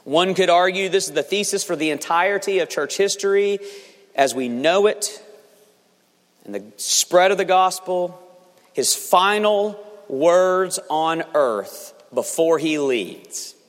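A man's voice: high-pitched, animated, slow. A man preaching a sermon as a pastor, speaking earnestly and building force for emphasis, with some restarts. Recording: long reverb of a large hall.

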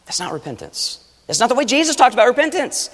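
Animated preacher man in a big hall. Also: very high voice, fast. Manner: animated, swings from loud urging to hushed asides. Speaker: pastor. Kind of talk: sermon. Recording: long reverb of a large hall. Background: audience.

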